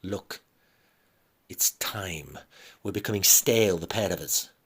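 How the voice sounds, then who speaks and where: A man's voice: deep voice, measured pace, a bit bright, slightly rough, heavily acted. A man voicing a self-centred middle-aged husband who is walking out on his wife, speaking firmly and bluntly. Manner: firm, blunt, dismissive.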